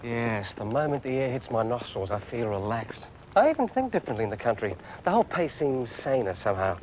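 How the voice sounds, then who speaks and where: Brief: a man as a pompous, airy know-all, lively pitch, inside a knocking car with engine noise. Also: fairly quick, lightly acted. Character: pompous, self-styled city man who knows nothing of engines.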